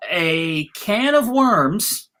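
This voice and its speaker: A man hosting a casual livestream chat, halting with many restarts and laughs. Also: high voice, lively intonation, bright, forceful tone. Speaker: podcast host.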